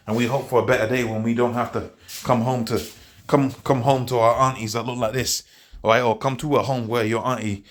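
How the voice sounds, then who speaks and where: A man ranting to his video audience in a casual, preachy monologue. He rambles, repeats words as he restarts his sentences, and chuckles between his points. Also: mid-range voice. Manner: preachy, quotes scripture. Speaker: video host.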